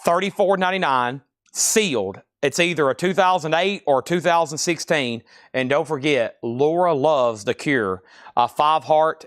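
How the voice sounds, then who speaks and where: A man hosting a live-stream record auction, calling out bids and prices in a loud, projecting voice. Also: on the high side, a little slow, no room sound, studio quality. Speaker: auction host.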